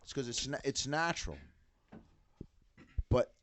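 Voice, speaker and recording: A middle-aged man in casual podcast chat, an animated storyteller who acts out what others said. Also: medium pitch, a little slow, slight background noise. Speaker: band member, father of bandmates.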